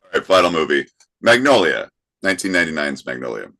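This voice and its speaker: A man's voice: extremely low pitch, big pitch swings, fast, gravelly, bright, forceful tone. A man co-hosting a podcast, tossing out questions in a dry, offhand way during casual banter. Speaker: podcast co-host.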